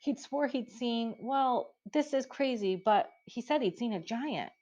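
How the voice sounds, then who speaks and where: A woman voicing a worried middle-aged farmer's wife, flustered, with her pitch rising as she talks. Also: lively intonation, a little slow, a little mellow. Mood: fretful. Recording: dull lo-fi recording.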